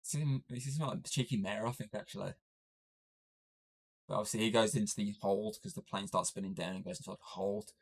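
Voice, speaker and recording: A man with a fairly low voice hosts a podcast and walks through a film plot in loose, casual chat. He rambles, leaning on fillers and restarting his sentences as he goes. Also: fairly even intonation, fairly quick. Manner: rambling, heavy use of "obviously" and "like". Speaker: podcast host. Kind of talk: casual movie recap chat.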